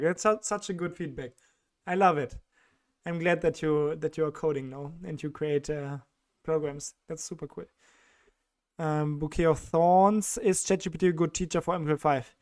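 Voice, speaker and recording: A man with a strong German accent hosting a casual livestream, reading chat questions aloud and answering them with fillers and small laughs. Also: a little high.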